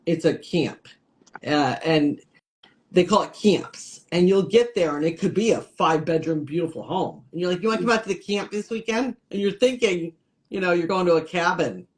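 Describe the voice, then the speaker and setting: A woman from upstate New York talks in a relaxed, chatty interview voice. She is a lively storyteller who slips into other people's voices as she goes. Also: lowish voice, moderate pace. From Syracuse, New York. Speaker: guest comedian and TV host. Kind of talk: casual interview chat.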